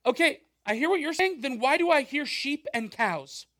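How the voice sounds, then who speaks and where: A man's voice: very high voice, animated, normal speed, fairly bright tone. A man voicing a stern old prophet who questions pointedly and with disbelief. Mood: incredulous.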